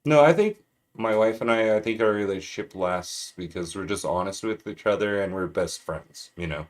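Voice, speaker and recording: A man's voice: lowish voice, moderate pace. A man telling stories in casual chat. He rambles and laughs often. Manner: rambling, laughs often, imitates his parrot.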